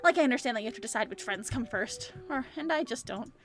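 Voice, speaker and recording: A woman voicing an eager, lonely male troll with a buzzy accent, over-apologetic and quick to sulk, as she reads a visual novel aloud. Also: fairly high pitch, animated, a bit bright. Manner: over-apologetic, gushing, then sulky.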